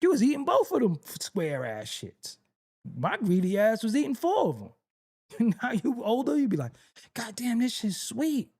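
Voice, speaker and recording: A man's voice: sits high, huge pitch swings, normal speed, a little mellow, husky. A middle-aged man telling stories in a casual comedic monologue, acting out exasperated voices and laughing often. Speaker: rapper talking on camera.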